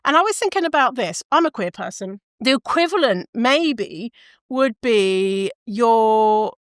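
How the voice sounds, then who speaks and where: A woman's voice: on the high side, expressive, unhurried, dry recording, clean studio sound. A woman hosting a solo podcast, talking casually in long rambling tangents, cutting herself off mid-sentence and swearing now and then. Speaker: podcast host.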